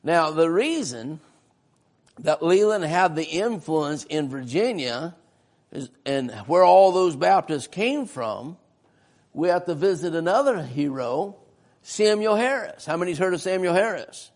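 Preacher guy in a church, kinda high voice, gravelly, quizzing the crowd. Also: animated, a little slow, a little mellow. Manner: folksy, asks the congregation questions. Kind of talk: sermon-style history lesson.

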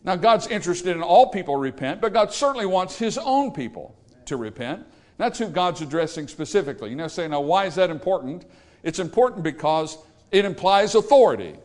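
A man's voice: high voice, sing-song, brisk. A man preaching a sermon to a congregation, emphatic and full of rhetorical questions. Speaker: pastor. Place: church service.

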